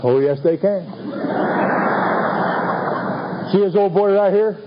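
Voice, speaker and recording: High-voiced man, wry folksy storyteller. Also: very slow, heavy background noise. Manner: wry, self-mocking, folksy. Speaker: recovery meeting speaker. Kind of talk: humorous storytelling talk. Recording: dull lo-fi recording with faint ambience.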